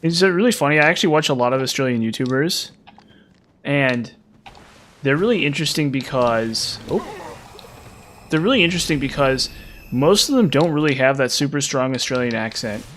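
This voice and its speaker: A man's voice: medium pitch, animated, normal speed, pauses often, a bit bright, slight background noise. Man rambling over gameplay. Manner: rambling, chatty, lots of fillers. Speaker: game streamer. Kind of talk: casual gameplay commentary.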